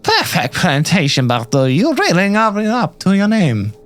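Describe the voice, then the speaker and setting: A man's voice: high voice, huge pitch swings, moderate pace, a bit bright, faint music behind, pitched above the performer's own voice, full character voice. A man voicing a sinister older cult leader in a put-on German accent, smug and menacing, for a fan game read-through. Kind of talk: reading a fan otome game aloud with voices.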